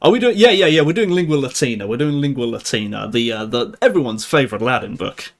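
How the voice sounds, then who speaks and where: A man's voice: medium pitch, lively intonation, fast. A young man hosting a live stream, chatting casually with viewers, laughing often and restarting his sentences. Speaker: livestream host.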